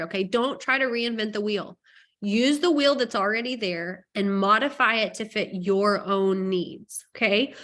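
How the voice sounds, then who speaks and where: A woman real estate coach giving a casual training presentation, chatty and joking as she rushes through her points. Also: mid-range voice, a bit bright.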